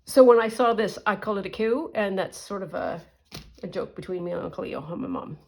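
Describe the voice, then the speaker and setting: A middle-aged woman from Canada talks casually and at length, drifting into side stories and restarting her sentences. Her pitch sits at an ordinary middle height for a woman. She sounds relaxed and conversational, as if she is talking to viewers while working on her journal. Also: a little fast, gravelly. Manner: rambling, chatty, with asides and restarts. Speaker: crafting vlogger. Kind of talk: casual storytelling while crafting.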